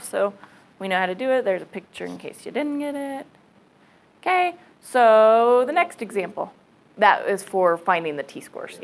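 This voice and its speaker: A woman's voice: mid-range voice, a bit bright, a little hiss or hum, rough recording. A woman math teacher giving a casual classroom lecture, thinking aloud and checking in with students. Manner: casual, chatty, thinks aloud, says okay often.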